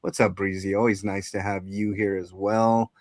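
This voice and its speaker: A man's voice: low voice, little pitch movement, moderate pace, darkish tone, dry recording, studio quality. A man hosting a casual livestream chat, greeting viewers and rambling with many fillers and restarts. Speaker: livestream host.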